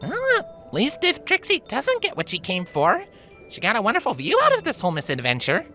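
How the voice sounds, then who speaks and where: A woman's voice: on the high side, wildly swooping pitch, fairly quick, pushed and bright, soft background music, heavily acted. A woman voicing a boastful, showy female unicorn mare in a fanfiction reading, who talks about herself in the third person and exclaims dramatically. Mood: exasperated.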